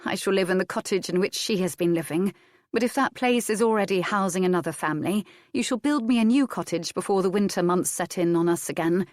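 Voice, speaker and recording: A woman's voice: fairly low pitch, a little fast, a little mellow, no echo, lightly acted. A woman reading a proud young noblewoman. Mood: composed. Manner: dry, composed. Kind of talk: audiobook character reading.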